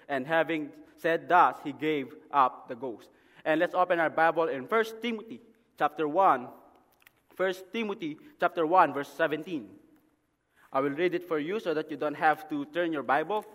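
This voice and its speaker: Missionary preacher with a fairly high voice in a reverberant hall. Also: male voice, a little slow, pauses often. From Philippines. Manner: punctuates phrases with "Amen?"; drops to a quiet murmur in prayer. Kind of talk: sermon.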